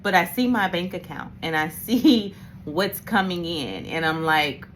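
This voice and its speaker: Woman hosting a chatty reflective talk, kinda low voice, candid and storytelling. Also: expressive, unhurried, a little hiss or hum. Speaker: host.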